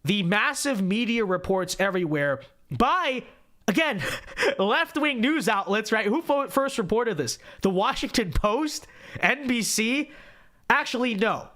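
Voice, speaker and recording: A young man hosting a political commentary show, speaking a little high. He is sarcastic and mimics quotes in a whiny tone. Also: lively intonation, a little slow, sharp tone.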